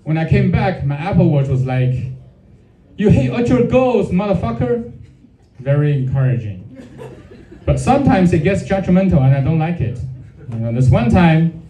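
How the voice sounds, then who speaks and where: A man's voice: a little high, sing-song, normal speed, dark tone. A male stand-up comedian who tells crude jokes with punchlines and teases the crowd. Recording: echoey room, mic off at a distance.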